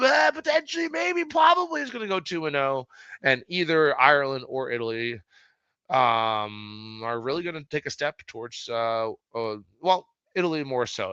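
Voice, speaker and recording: A man hosting a casual sports recap show, talking loosely and swearing freely in animated outbursts. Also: medium pitch, clean tone, no echo. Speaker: sports podcast host. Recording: dull lo-fi sound, dry.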